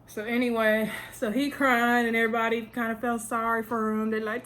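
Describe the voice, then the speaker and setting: A woman's voice: a little high, flat delivery, fairly quick, hardly any pauses, a bit bright. A woman in a casual vlog, chatting with emphasis and talking straight to her viewers as she recaps a reality show.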